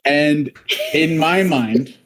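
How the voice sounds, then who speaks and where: Slow-talking man, deadpan storyteller, faint hiss behind, casual chat. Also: on the high side, poor audio. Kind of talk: casual chat among friends.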